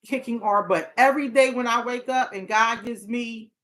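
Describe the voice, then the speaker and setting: A woman's voice: a little high, normal speed, a bit bright. A woman hosting a talk show as a therapist, speaking earnestly in a casual, heartfelt way. She often restarts her sentences and breaks into laughter.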